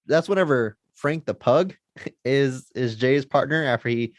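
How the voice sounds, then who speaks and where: An enthusiastic man co-hosts a podcast in casual chat, often laughing as he talks. His voice sits at an ordinary middle pitch. The recording is dry and close. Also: a little slow, no echo. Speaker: podcast co-host.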